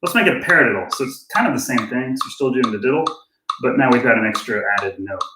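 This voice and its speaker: A man's voice: medium pitch, quick pace, very noisy. Laid-back guy teaching drum patterns, kinda self-deprecating, counting in, echoey room. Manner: relaxed, self-deprecating, thinking aloud. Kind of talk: casual drum lesson with count-ins. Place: room with drum kit and click track. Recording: roomy, with drumming and clicks.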